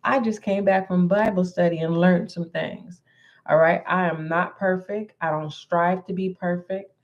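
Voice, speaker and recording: A woman giving a tarot reading to her viewers in a deliberate way, often repeating herself and clearing her throat. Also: on the low side, steady tone, highs cut off. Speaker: tarot reader. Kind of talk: slow spoken tarot reading.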